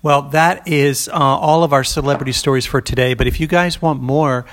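Podcast cohost, casual, quick little interjections, closes out the show. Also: mid-range voice, steady tone. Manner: chimes in with short remarks and wraps up the show. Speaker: podcast co-host. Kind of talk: casual chat.

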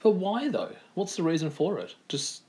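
A man's voice: high-pitched, big pitch swings, moderate pace, a little mellow. An Australian man co-hosting a casual podcast, bantering crudely and laughing along as he reads a story. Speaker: podcast co-host.

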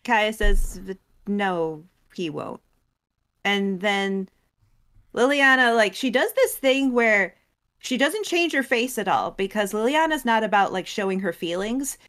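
A woman co-hosting a casual recap show, retelling a story and acting out characters' lines in quick voices. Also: on the high side, lively intonation, fairly bright tone. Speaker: co-host recapping story lore. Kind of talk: casual chat.

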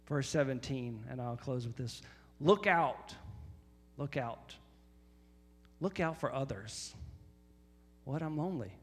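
Husky-voiced preacher in a reverberant hall. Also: male voice. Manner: emphatic preaching, rising to loud high exhortation, repeating lines. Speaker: pastor. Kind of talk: sermon.

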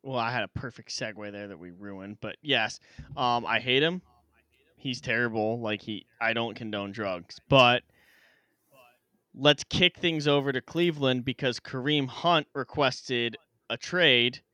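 A man's voice: mid-range voice, measured pace, pushed and bright, no echo. A young man hosting a casual sports podcast, upbeat and chatty as he steers from topic to topic. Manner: upbeat, leads the segments, chatty.

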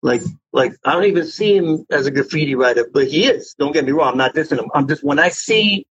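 A man's voice: fairly high pitch, animated, fairly quick, a bit bright, husky, no echo, dull audio. A man telling stories in a casual interview, swearing and filling his talk with "you know what I mean". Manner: rambling, profane street talk with many fillers. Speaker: interview guest, graffiti writer.

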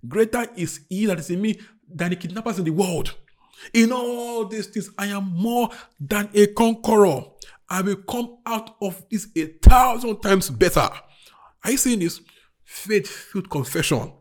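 A man preaching a sermon, repeating bold declarations and then praying more softly. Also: high-pitched, measured pace. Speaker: pastor. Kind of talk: sermon and prayer.

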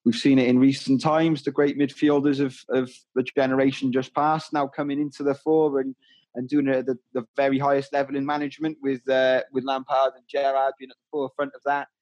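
A man co-hosts a podcast in easy, casual chat, with a medium-pitched voice. He talks in a chatty way and likes to tease his partner. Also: level tone, brisk, darkish tone, dull audio. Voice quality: chatty, teasing. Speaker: podcast co-host.

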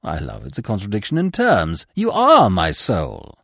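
A man's voice: lowish voice, huge pitch swings, normal speed, creaky, fairly bright tone, husky, dry recording, studio quality, exaggerated voice. A man reading the lines of a ghostly young woman, a witch burned long ago and a devoted lover, with a tender, pleading manner. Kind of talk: dramatic audiobook reading.

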